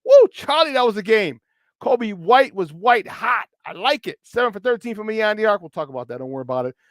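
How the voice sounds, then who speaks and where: Male sports talk host with a Chicago accent, high voice, bouncy slang-heavy delivery, dry close sound. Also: a little fast, no echo. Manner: energetic, playful shout-outs, slangy. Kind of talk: hyped morning sports talk.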